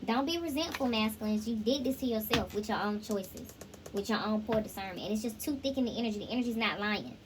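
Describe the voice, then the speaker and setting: A woman's voice: a little high, expressive, fast, noisy background. A woman giving a casual tarot reading, talking straight to viewers and breaking into song snippets. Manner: chatty, sings snippets, addresses viewers directly. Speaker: tarot reader.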